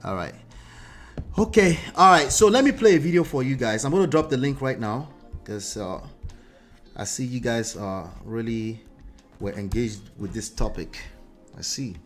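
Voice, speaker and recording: A man from Nigeria hosting a live stream, talking casually to his viewers in a relaxed way with many fillers. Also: medium pitch, normal speed, faint music behind. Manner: relaxed, talks straight to viewers, filler-heavy.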